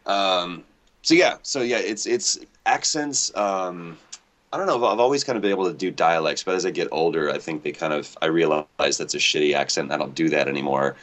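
Planes drone faintly behind a man who talks from home near an airport as a guest on an internet-call interview. He's casual, rambling and self-deprecatingly jokey, with a low voice, a slightly fast pace and a fairly bright tone.

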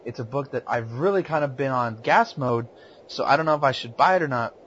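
A man's voice: mid-range voice, a little fast, a bit bright. A man talking casually about comic books, stumbling over his words and restarting often. The recording is dull and lo-fi, with faint ambient noise underneath. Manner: hesitant, stammering, many restarts. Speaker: comic book podcast co-host. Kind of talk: casual chat.

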